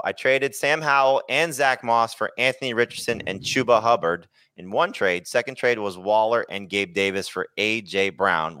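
A low-voiced man hosts a podcast, reading out listener questions and calling on each panelist. His tone is bright and forceful. The sound is close and dry. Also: no echo. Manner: reads listener questions, then asks panelists. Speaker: podcast host. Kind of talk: casual podcast hosting.

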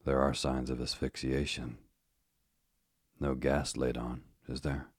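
A man reading as a clipped, brisk doctor. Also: very deep voice, flat delivery, husky, no room sound, clean studio sound, heavily acted. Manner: clipped and matter-of-fact. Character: brisk matter-of-fact male doctor. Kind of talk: sleep story reading.

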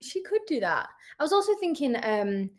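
Young Northern English actress, podcast guest; animated, laughs a lot, very expressive pitch. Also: female voice, normal speed, slight background noise. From England. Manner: giggly and animated, often laughing and searching for names. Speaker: guest, musical theatre actor. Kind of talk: casual podcast chat.

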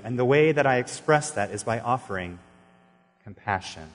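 A man's voice: mid-range voice, animated, normal speed. A man preaching a sermon as pastor, earnestly telling stories and acting out the dialogue in them. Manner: earnest storytelling, acting out dialogue with sudden bursts. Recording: long reverb of a large hall.

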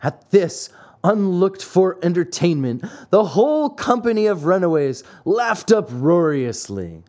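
A man narrating a classic fairy-tale audiobook with an expressive storytelling delivery. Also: high voice, unhurried.

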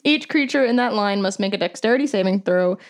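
A woman playing a tabletop game, talking in an excitable, expressive way. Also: mid-range voice, fast talker. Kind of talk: casual tabletop play.

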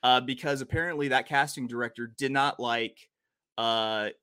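A man's voice: medium pitch, moderate pace, sharp tone, clean tone, dry recording, studio quality. A man hosting a horse racing podcast in a casual, joking way, wandering into rambling asides. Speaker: podcast host.

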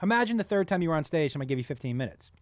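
A man with a slightly raised pitch chats as a comedian guest, rambling and restarting his thoughts. His voice is recorded dry and close, with no room echo. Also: sing-song, racing. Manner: rambling, self-interrupting. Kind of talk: casual conversation.

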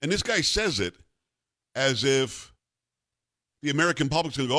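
A man's voice: mid-range voice, animated, moderate pace, pushed and bright, no room sound, clean studio sound. A man hosting a radio talk show, opinionated and teasing in a sarcastic way.

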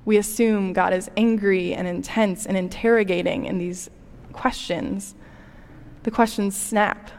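A woman's voice: medium pitch, fairly even intonation, measured pace, darkish tone. Woman preaching in a reverberant hall. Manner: conversational, relatable preaching with personal anecdotes. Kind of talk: sermon.

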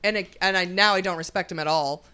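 A woman's voice: on the low side, fast talker, pushed and bright, smooth. A woman co-hosting a podcast, chatting in a crude, profane, rambling way. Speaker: podcast co-host. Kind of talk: casual chat.

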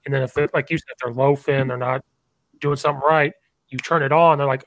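A man's voice: medium pitch, steady tone, fast talker. A man with a mid-range voice hosts a casual sports podcast. He talks loosely and leans on "like" as a filler. The sound is dry, with no room echo. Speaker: podcast host. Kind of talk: casual chat.

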